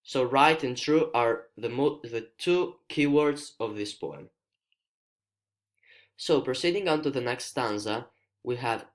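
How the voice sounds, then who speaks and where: Explaining a poem in a screencast lesson, a male student from Italy speaks with the accent of a native Italian speaker. His pitch sits in the medium range, and he proceeds with care and hesitation, pausing as he gropes for words.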